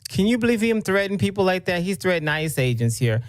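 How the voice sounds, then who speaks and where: A man's voice: high voice, big pitch swings, fast, no room sound. A man hosting a commentary show, reacting to a clip in an indignant, repetitive, rambling way. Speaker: host, political commentator.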